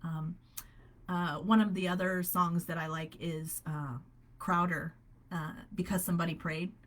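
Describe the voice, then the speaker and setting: Animated woman coaching with upbeat conviction. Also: fairly low pitch, unhurried. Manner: animated, upbeat, laughs often. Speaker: holistic health coach. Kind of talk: live faith-based coaching call.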